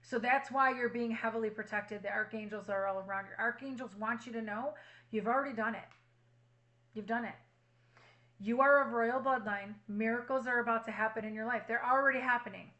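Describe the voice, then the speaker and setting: A woman's voice: fairly high pitch, steady tone, brisk, bright, forceful tone, dull audio. A woman reading tarot cards for her viewers, earnestly reassuring them and repeating affirmations. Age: adult with a child at home. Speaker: tarot reader.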